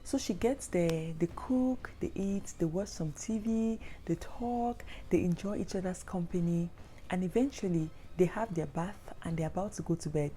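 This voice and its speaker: A woman's voice: lowish voice, normal speed, warm tone. A woman narrating a true story with dramatic, repetitive emphasis. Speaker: storyteller host.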